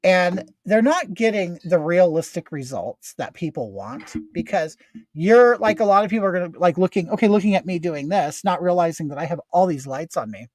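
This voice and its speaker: A man's voice: high voice, animated, moderate pace, a little mellow, no room sound. Chatty man in his fifties, dry sound. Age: 50s. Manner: chatty and rambling, reading viewer comments aloud. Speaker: makeup livestream host. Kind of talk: casual livestream chat.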